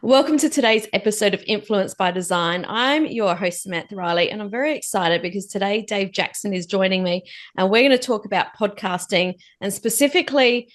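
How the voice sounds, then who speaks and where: A woman hosting a podcast, upbeat and enthusiastic in a casual interview. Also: medium pitch. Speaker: podcast host.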